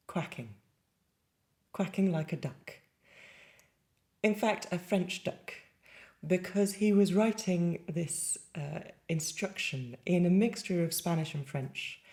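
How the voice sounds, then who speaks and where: A woman's voice: fairly low pitch, mellow. A woman giving a singing lesson in a chatty, lightly playful way, with sung demonstrations. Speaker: singing teacher.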